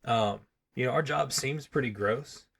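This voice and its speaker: A man's voice: medium pitch, a little slow, gravelly, fairly bright tone, husky. A man co-hosting a casual podcast, talking easily and laughing often. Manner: laid-back, laughs often. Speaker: podcast co-host. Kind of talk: casual chat.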